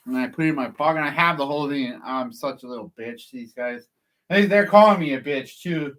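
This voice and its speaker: A California man with a mid-range, slightly bright voice talks briskly to the camera. He's a process server vlogger rambling through a casual story, cursing a lot and laughing at himself.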